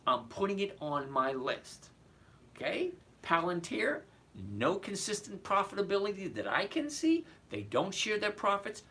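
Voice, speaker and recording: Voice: mid-range voice, fairly bright tone. A trading instructor giving a live stock and options lesson, blunt and emphatic, repeating key points and making sarcastic asides to viewers.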